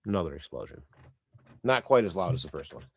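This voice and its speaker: A man's voice: deep voice, big pitch swings, quick pace, slightly rough. A man hosting a live stream, chatting loosely and reading out viewer comments in a rambling, irreverent way with casual swearing. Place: lives in Canada.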